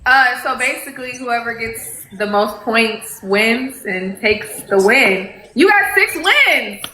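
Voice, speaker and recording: High, bright American woman in her twenties. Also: expressive. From United States. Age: 20s. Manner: hesitant, halting speech. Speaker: live-stream match guest. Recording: echoey room with faint noise.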